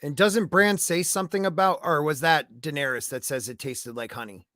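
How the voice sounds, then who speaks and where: A man hosting a podcast, chatting casually and getting excited as he agrees with his guest. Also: a little high, moderate pace, no room sound, studio quality. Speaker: podcast host.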